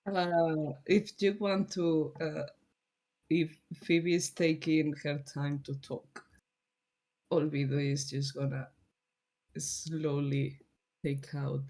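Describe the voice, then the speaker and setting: A tabletop role-play player describing their character's actions in a halting, unhurried way, laughing often. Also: mid-range voice, warm tone.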